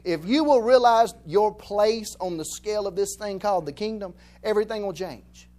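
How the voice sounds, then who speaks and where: A Southern man from Alabama preaches in a high, light voice. His sermon feels like easy talk, full of homespun jokes, and he drives his points home by saying them again and again. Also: moderate pace, darkish tone. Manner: folksy, joking, repeats phrases for emphasis. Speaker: pastor. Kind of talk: conversational sermon.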